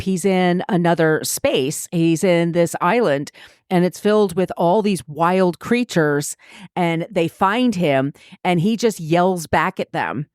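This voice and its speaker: A woman's voice: fairly low pitch, clear, resonant tone, no room sound. Woman chatting about a kids book, laughs a lot, dry close mic. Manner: chatty, laughs often, retells the story warmly. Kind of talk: casual book discussion.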